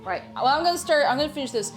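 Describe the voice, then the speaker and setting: A woman hosting a live baking stream from her home kitchen, chatty and excitable, laughing often as she greets viewers. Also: high-pitched, rapid-fire, soft background music. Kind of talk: casual live-stream chat.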